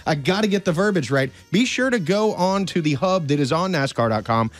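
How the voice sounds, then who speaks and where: A man's voice: on the high side, expressive, a little fast, hardly any pauses, soft background music. A man hosting a casual sports podcast, playful and rambling, with plenty of fillers. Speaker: podcast host. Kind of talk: casual chat.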